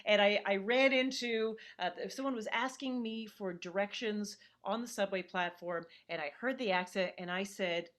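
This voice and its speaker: A middle-aged woman comedian hosting a show over a video call. She talks in a chatty, wry storytelling way at a middle pitch, with a natural, conversational delivery. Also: normal speed, few pauses, a bit bright. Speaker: comedian host.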